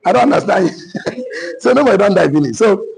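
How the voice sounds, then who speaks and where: A man with a Nigerian accent giving a joking, animated motivational talk to an online business community as coach. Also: high voice, brisk, gravelly, a little hiss or hum, poor audio. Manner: animated, joking, mixes Pidgin asides with laughter.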